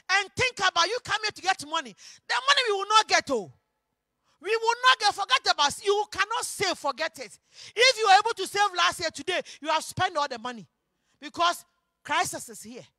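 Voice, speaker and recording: Woman pastor, very high bright voice, emphatic church sermon, loud-to-hushed swings. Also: animated, moderate pace, dry recording.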